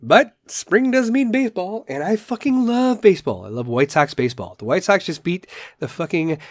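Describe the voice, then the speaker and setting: Swearing, ranting podcast host. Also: male voice, high-pitched, very animated, normal speed, no echo, studio quality. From Chicago area. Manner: profane, rambling, ranting with dad jokes. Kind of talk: casual solo podcast rant.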